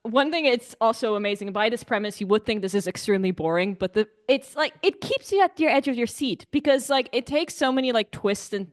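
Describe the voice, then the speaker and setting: A woman's voice: on the high side, lively intonation, brisk, hardly any pauses. A woman co-hosting a podcast, enthusiastically discussing a film in casual chat, filling her talk with "like". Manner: enthusiastic, many fillers like "like". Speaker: podcast co-host.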